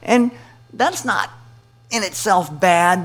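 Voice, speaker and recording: A man telling a long comic story on stage in an animated, playful way. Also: high-pitched, normal speed. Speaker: comedian. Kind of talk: stand-up storytelling.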